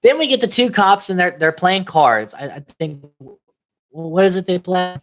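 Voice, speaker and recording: A woman co-hosting a casual podcast, recapping a horror film with lots of laughter and quick impressions of the characters. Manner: animated, laughing, mimics characters in high voices. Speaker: podcast co-host. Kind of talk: casual movie-recap chat.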